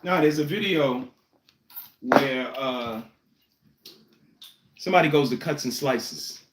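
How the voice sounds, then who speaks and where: A man's voice: medium pitch, slow pace, very noisy. A man, co-hosting a podcast, blunt and preachy with a lot of cursing. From New York City. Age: 50s. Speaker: podcast co-host. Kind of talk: casual chat. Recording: roomy echo.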